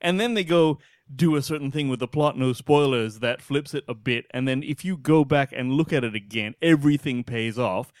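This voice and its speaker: A man's voice: mid-range voice, normal speed, no echo, studio quality. A man from Australia co-hosting a film podcast, talking casually, swearing freely and laughing often. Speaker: podcast co-host.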